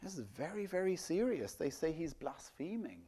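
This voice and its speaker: A man preaching a sermon, lively and rhetorical, often putting questions to his listeners. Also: on the high side, moderate pace, slightly rough. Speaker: pastor.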